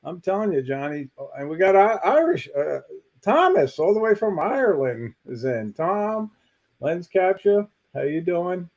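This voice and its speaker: A chummy co-host, a man, calls out greetings to viewers on a livestream. His voice sits fairly high, and it comes through a dull, lo-fi remote audio line. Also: sing-song, a little slow, a little mellow. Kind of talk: casual livestream chat.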